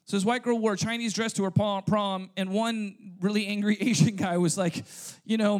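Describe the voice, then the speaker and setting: A high-voiced male pastor delivers a sermon during a church service at a moderate pace, with fairly even intonation and few pauses. He asks the congregation rhetorical questions and tags his points with "okay?" and "right?"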